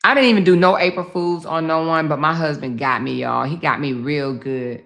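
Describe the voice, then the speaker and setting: A woman's voice: low-pitched, fairly even intonation, moderate pace, a bit bright. A woman hosting a casual livestream, talking straight to her viewers and laughing easily. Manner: chatty, addresses viewers directly. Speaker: livestream host.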